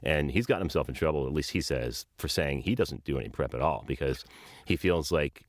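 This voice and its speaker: A man hosting a podcast, also an audiobook narrator, telling stories in an animated, self-mocking way. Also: rumbling low, a little fast, no echo, clean studio sound. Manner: animated storyteller, laughs at himself. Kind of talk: casual interview chat.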